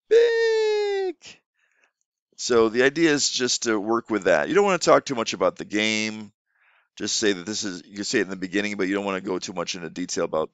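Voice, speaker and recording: A man's voice: lowish voice, fairly bright tone, clean tone, no echo. A man, an online English teacher, explaining classroom tips in a casual way with frequent restarts. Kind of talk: instructional teaching tips video.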